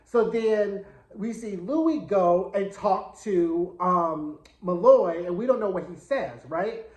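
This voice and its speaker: A man giving a casual episode recap. His retelling is chatty, slangy and dramatic. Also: high voice. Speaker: TV show reviewer. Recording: echoey room.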